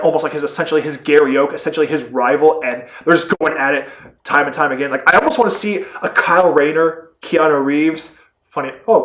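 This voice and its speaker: A man giving a casual, spoiler-filled movie review, rambling and excitable, full of "like" and casual swearing. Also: fairly high pitch, roomy sound, highs cut off.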